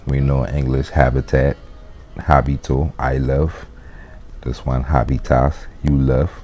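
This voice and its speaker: A man's voice: a bass voice, level tone, a little slow, mellow. A man teaching a casual language lesson, explaining loosely with fillers and restarts. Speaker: Latin teacher.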